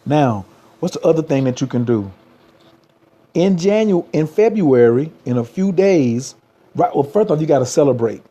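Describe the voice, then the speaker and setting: A man's voice: fairly high pitch, animated, moderate pace, mellow. A man, giving a motivational livestream talk as a spiritual coach, repeating slogans and urging viewers to type them.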